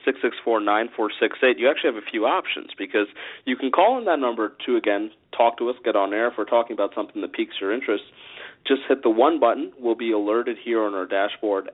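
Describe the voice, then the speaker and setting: A man co-hosting a casual radio podcast, joking and animated as he talks. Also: lowish voice. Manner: animated, jokey, fond of mimicking lines. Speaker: podcast co-host. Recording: tinny phone-line sound.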